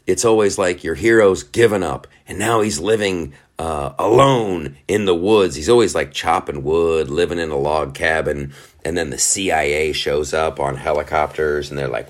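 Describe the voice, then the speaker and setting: A man hosting a podcast, rambling through casual commentary, often laughing at his own jokes. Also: rumbling low. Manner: quick asides and restarts, animated. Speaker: podcast host.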